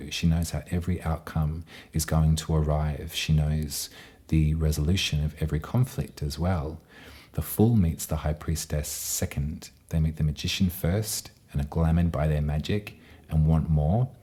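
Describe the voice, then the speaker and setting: A man giving a gentle, meandering tarot and astrology reading to his viewers. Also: a bass voice. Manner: gentle, meandering, with frequent fillers. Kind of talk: casual tarot reading to camera.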